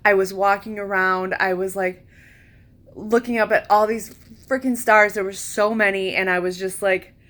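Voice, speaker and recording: A woman telling a personal story in a casual, emotional way, full of fillers, with her voice leaping high when she quotes herself. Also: steady tone, normal speed, a bit bright. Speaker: vlogger recounting a retreat.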